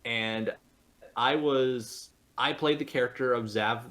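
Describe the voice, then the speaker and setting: A man's voice: mid-range voice, fairly even intonation, takes it slowly, a bit bright. A young man, a voice actor guest on a casual podcast, rambling with many restarts and laughing easily.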